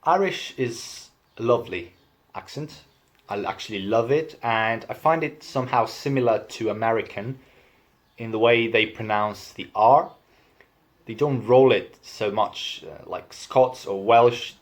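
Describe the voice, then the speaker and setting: A man's voice: lowish voice, unhurried. Chatty young man explaining accents. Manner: chatty, self-deprecating. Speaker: language assistant. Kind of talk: casual accent demo video.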